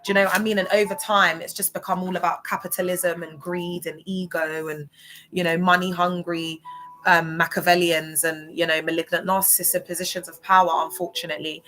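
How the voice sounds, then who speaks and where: Woman rambling on a livestream, lots of ums and likes, soft music under it. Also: lowish voice, level tone, fairly quick, low-quality recording. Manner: rambling, emotional, many fillers. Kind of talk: casual livestream chat.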